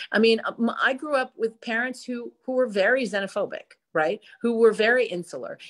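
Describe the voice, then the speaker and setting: A woman's voice: on the high side, a bit bright. A woman guest speaker talking earnestly and candidly at a virtual event, with many fillers, over a video call.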